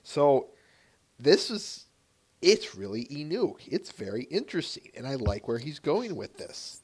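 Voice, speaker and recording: A man hosting a podcast in casual chat, relaxed and steering the conversation. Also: on the high side, measured pace, breathy edge. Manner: relaxed, laughs easily, steers the talk. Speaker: podcast host.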